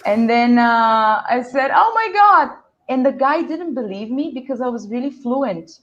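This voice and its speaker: A Brazilian woman whose first language is Portuguese, speaking English with a Brazilian accent, telling a lively story on a video call and acting out the voices in it. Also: a little high, normal speed, highs cut off. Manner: animated, laughing, acts out quoted voices. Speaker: guest English teacher. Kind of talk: storytelling in a live online panel.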